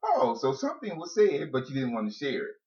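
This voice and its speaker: A man's voice: fairly high pitch, wildly swooping pitch, fairly quick, gravelly, crowd noise. A man co-hosting a casual chat with his wife, laughing often and laying out his points step by step. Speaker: podcast co-host. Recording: dull lo-fi audio.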